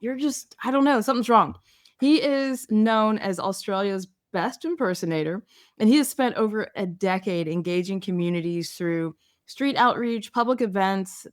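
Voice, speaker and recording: A woman's voice: medium pitch, no room sound, clean studio sound. A woman hosting a podcast interview, upbeat and enthusiastic. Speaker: podcast host.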